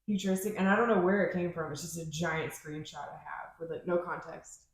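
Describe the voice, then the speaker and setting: A woman's voice: on the low side, steady tone, fairly quick. A woman podcast host in casual chat, rambling and searching for her words with many fillers. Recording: very echoey room.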